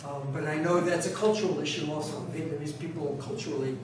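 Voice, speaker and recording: A man lectures in a conversational way, circling back and restating his points. His voice sits a little high and carries a heavy hall echo, picked up from some distance. A faint hiss sits underneath. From New York City, United States. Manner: conversational, repeats and restarts, speaks up deliberately. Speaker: pronunciation teacher. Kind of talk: conference talk. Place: large conference hall. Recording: echoey hall, distant mic, faint noise.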